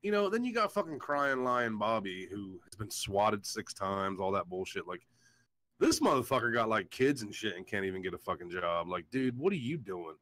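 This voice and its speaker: A man's voice: on the low side, big pitch swings, moderate pace, fairly bright tone, poor audio. A man hosts a loose livestream chat and tells his stories as a rant full of swearing. His voice climbs and drops all over the place as he goes. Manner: profane, ranting storyteller. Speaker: show host.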